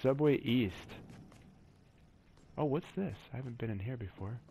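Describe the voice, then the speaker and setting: This gaming channel host, a man, wanders a video game map alone with relaxed, talkative commentary and cheesy jokes. His medium-pitched voice is gravelly and dark, moving at a moderate pace over slight background noise.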